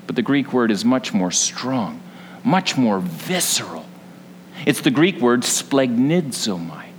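A man's voice: mid-range voice, very animated, a little slow, big-room sound, a little hiss or hum. A man preaching a sermon as pastor, earnest and building to passionate emphasis.

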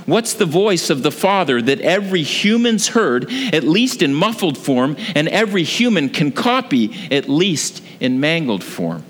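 A man preaching a sermon, telling a story with lively delivery and frequent ums and uhs. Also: a little high, measured pace, few pauses. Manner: animated storytelling with frequent fillers. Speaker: pastor. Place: church sanctuary. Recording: long hall reverb.

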